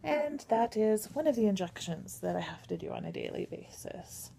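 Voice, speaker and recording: A woman's voice: mid-range voice, lively intonation, normal speed, creaky, dark tone, a little hiss or hum. A woman vlogging casually and candidly, hesitant and full of ums, walking viewers through her daily routine. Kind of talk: casual personal vlog.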